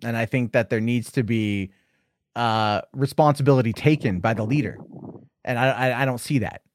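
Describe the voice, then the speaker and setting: A man's voice: mid-range voice, moderate pace, a little hiss or hum. An American man in his thirties, hosting a casual debate chat and rambling with many hesitant restarts. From United States. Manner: rambling, hesitant, self-correcting.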